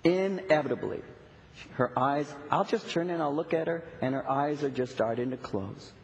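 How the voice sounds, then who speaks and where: Middle-aged man, pastor, lively storytelling sermon, fairly high voice, long church reverb, faint hiss. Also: moderate pace. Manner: animated storytelling, acts out dialogue. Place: church sanctuary.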